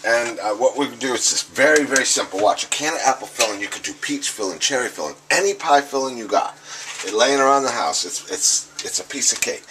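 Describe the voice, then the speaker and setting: A man's voice: medium pitch, expressive, fairly quick. A man chatting casually to viewers as he demonstrates a home recipe, talking as he works. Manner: chatty, talks to viewers as "guys" while working, with frequent restarts. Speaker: home cooking host. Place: home kitchen. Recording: noisy kitchen clatter. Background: clattering dishes, cutlery and stirring.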